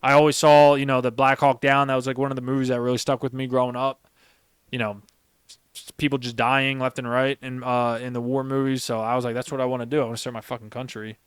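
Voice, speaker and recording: A young former Marine sergeant who hosts a podcast tells rambling, emphatic stories packed with swearing in a casual chat. His mid-range voice stays level and smooth as he talks fast. The recording is dry and studio quality.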